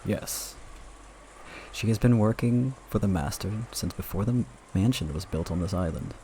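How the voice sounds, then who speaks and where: A man voicing an elderly male butler who speaks in a formal, measured way. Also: low-pitched, dark tone, a little hiss or hum. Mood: grave.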